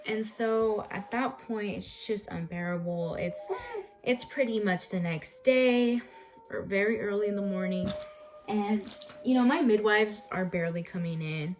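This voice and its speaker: A woman's voice: medium pitch, unhurried, soft background music. A young woman in a home vlog, recounting a personal story in a chatty, emphatic way and repeating words for effect. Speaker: vlogger.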